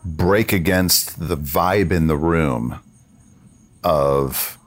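A man's voice: rumbling low, drawn-out words, soft background music. A man hosting a podcast, reacting briefly and asking probing follow-up questions. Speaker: podcast host.

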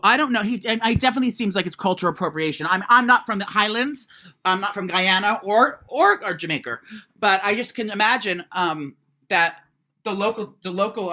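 A man co-hosting a podcast, chatting and gossiping in an animated way, stammering and swearing, with lots of fillers. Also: high-pitched. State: congested, has to blow his nose. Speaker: podcast co-host. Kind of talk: casual gossip chat.

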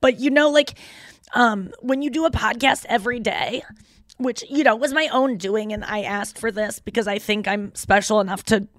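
A woman's voice: fairly high pitch, normal speed, fairly bright tone, no room sound. Give me a tearful young woman podcast host rambling and apologizing, dry studio sound. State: crying. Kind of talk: emotional personal monologue. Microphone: studio microphone.

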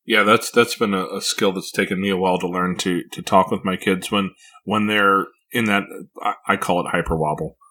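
Low, bright-toned reflective man. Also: fairly even intonation. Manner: reflective, measured, frequent word repeats. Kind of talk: casual podcast conversation.

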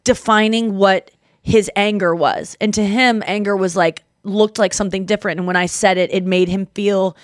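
A woman hosting a podcast, talking in a casual, chatty way full of "like" and quick asides. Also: medium pitch, steady tone, no room sound, clean studio sound. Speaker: podcast host. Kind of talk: casual chat.

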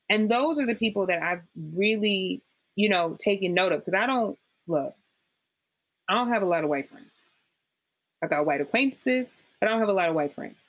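A woman's voice: medium pitch, normal speed. A woman guest in a conversational interview, talking emphatically and acting out what people said to her. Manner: emphatic, animated storyteller acting out quotes. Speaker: podcast guest.

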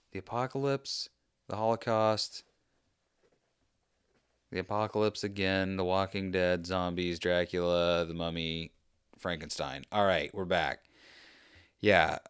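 Rambling man with a smooth low voice. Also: a bit bright, dry recording, clean studio sound. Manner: rambling, jokey, self-deprecating. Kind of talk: casual chat.

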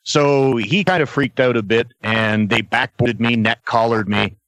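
A man sits in as a podcast guest and tells an old road story in an easygoing, animated way, breaking into laughs. His voice sits in a middle register. The recording is close and dry, with no room sound. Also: medium pitch, unhurried, no echo. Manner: animated storyteller, laughs between lines, acts out other voices. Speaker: guest, former wrestler. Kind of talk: casual anecdote telling.

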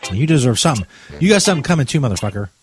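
A man's voice: mid-range voice, big pitch swings, very fast. Profane, exasperated male podcast host. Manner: profane, exasperated, loud outbursts. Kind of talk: comedy podcast rant.

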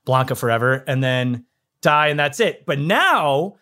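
A man from Michigan chatting casually on a podcast, telling animated stories and laughing often. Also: mid-range voice, measured pace. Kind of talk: casual chat.

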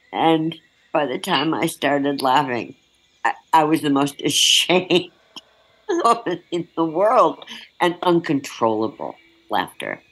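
A woman's voice: sits low, breathy edge, low-quality recording. Woman journalist telling an old field story, keeps cracking up, real blunt about it. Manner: breaks into laughter while recounting, vivid and frank. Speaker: journalist recalling a field assignment. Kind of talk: candid storytelling in an interview.

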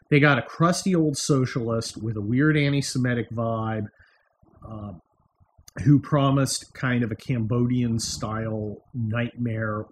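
A man's voice: medium pitch, slight background noise. A middle-aged man hosting a podcast from a room in his house, talking in a wry, sarcastic monologue with mocking asides. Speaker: podcast host. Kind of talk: casual political monologue.

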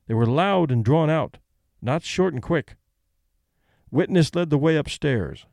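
A man narrating a classic short story aloud, reading witness testimony in a measured, deliberate way. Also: on the high side, animated, gravelly, darkish tone, dry recording, studio quality.

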